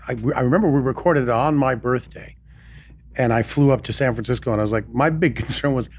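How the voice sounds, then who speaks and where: A man in his later years, a guest on a casual podcast, talks at a middle pitch with wry, self-mocking jokes. His delivery is relaxed and chatty, and a faint ambient hiss sits under his voice. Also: fast talker. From Canada. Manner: self-deprecating, wry asides. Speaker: guest voice actor.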